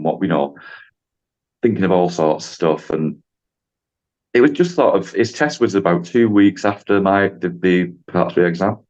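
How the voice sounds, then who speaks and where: Brief: man, low voice, chatty podcast guest, slightly muffled audio. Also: darkish tone. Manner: chatty, rambling, acts out dialogue with voices. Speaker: driving instructor guest. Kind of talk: casual podcast storytelling.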